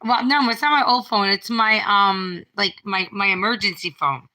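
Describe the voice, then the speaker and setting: A woman's voice: mid-range voice, normal speed, pushed and bright, poor audio. A middle-aged woman rambling on a live stream from home, reading out viewer comments as she talks. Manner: rambling, reads out viewer comments, restarts often. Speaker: livestreamer. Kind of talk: casual live-stream chat. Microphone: phone.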